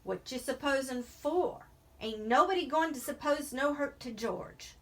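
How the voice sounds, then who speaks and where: A woman's voice: high-pitched, measured pace, a bit bright, voice pushed up. A woman voicing a big, simple-minded male farmhand, plaintive and insistent in an audiobook reading. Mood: threatening.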